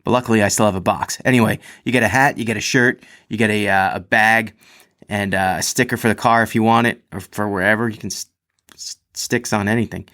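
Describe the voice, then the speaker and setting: A man hosts a running podcast in a loose, rambling way, often backing up to fix his own words. His voice sits a little low, and he livens up when he reads a listener's story to his audience. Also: fairly quick. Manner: rambling, self-correcting, animated when reading. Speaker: podcast host. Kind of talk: casual podcast talk and reading a listener's story aloud.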